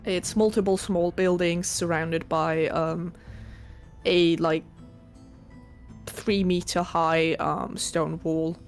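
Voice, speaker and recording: A woman runs a tabletop game, describing the scene at a slow, deliberate pace with frequent fillers. Her voice sits a little low. Faint music plays behind her. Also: fairly even intonation. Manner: unhurried, hesitant, many ums and likes. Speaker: game master.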